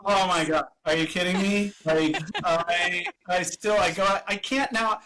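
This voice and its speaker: A man, a podcast guest, telling a self-deprecating story in an animated, casual way over a video call. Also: sits high, a little slow, background noise. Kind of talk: casual chat.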